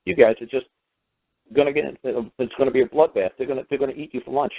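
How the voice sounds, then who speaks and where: A man's voice: medium pitch, steady tone, vocal fry, no room sound. A man hosting a radio show, ranting bluntly about a run-in with officials and acting out both sides of the argument. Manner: blunt, fast-talking, mimics officials in quoted exchanges; swears casually and scoffs. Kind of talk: ranting monologue with acted-out dialogue. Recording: dry phone-line radio audio.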